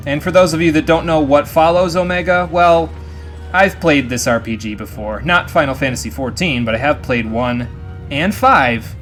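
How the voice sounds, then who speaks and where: A man's voice: fairly high pitch, normal speed, a bit bright, faint music behind. A man commentating a live game stream, chatty and jokey. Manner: chatty, jokey, frequent laughs.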